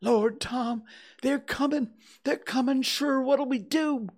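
A man voicing a frightened, superstitious young backwoods boy in a high, panicky whisper. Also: takes it slowly, a little mellow, full character voice. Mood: terrified.

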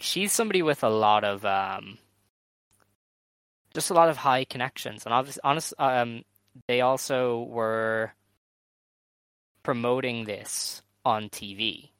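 A man co-hosting a casual podcast, talking in a measured way with frequent "um"s as he goes over details. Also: mid-range voice, fairly bright tone, smooth, no room sound. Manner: measured, many "um"s, runs through show details. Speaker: podcast co-host. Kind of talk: casual chat reviewing wrestling shows.

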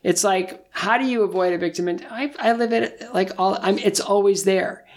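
A man's voice: high voice, steady tone, normal speed. A middle-aged man, a guest in an interview, telling stories with self-deprecating humor. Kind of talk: casual interview storytelling.

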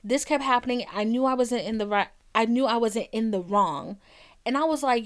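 A woman's voice: a little high, moderate pace. Blunt, profane young woman podcaster. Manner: blunt, profane and animated, acting out quoted arguments. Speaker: podcast host. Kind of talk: candid podcast talk.

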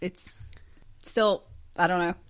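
A woman's voice: on the low side, fairly even intonation, slow. A woman co-hosting a casual podcast, reacting to the story with short exclamations. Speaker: podcast co-host. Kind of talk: casual chat.

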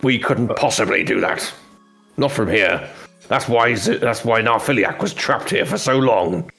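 A man voicing a grumpy male demon lord in a tabletop game, gruff and blustering. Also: on the low side, big pitch swings, a little slow, fairly bright tone, soft background music, full character voice. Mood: dismissive. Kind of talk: tabletop role-play voice.

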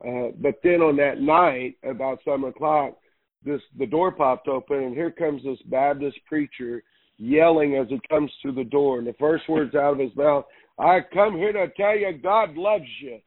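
A man, a pastor, tells his testimony in an earnest, halting way, often circling back on his words. His voice sits at an ordinary pitch. It comes through a thin, tinny, phone-like radio line. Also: dry recording. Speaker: pastor, interview guest.

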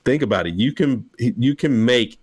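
A man co-hosting a casual gaming podcast, talking in an excitable, rambling way. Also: mid-range voice, normal speed, breathy edge, dry recording. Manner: excitable, rambling gamer talk. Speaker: podcast co-host. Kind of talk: casual chat.

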